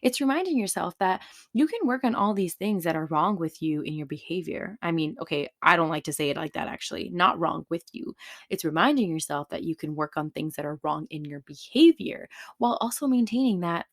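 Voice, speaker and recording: A woman's voice: fairly low pitch, lively intonation, a little fast, dry recording, studio quality. A woman hosting her own podcast, talking casually and affectionately to listeners, calling them baby and honey, with frequent fillers and tag questions. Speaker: podcast host. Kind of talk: casual solo podcast talk.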